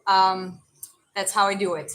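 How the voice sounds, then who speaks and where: Bright-voiced woman chatting on a livestream. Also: mid-range voice, little pitch movement, measured pace, rough recording. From Georgia. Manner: chatty, rambling with many restarts. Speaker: livestream host reading chat. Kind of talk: casual livestream chat.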